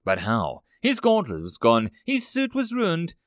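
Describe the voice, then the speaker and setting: A man's voice: on the high side, huge pitch swings, a little slow, dry recording, studio quality. Dramatic male audiobook narrator. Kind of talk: scripted story narration.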